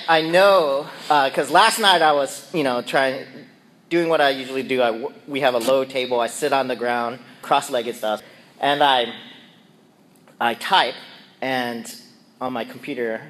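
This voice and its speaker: A man's voice: mid-range voice, a bit bright, a little hiss or hum. A middle-aged man casually telling a personal story and acting out his own yelps and quoted lines. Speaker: speaker sharing a personal reflection.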